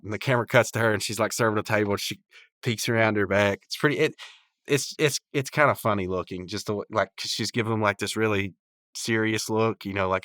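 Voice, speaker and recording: Rambling low-voiced man recapping casually. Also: quick pace, fairly bright tone, dry recording, clean studio sound. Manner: rambling, chatty, many "like"s and restarts. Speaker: podcast host.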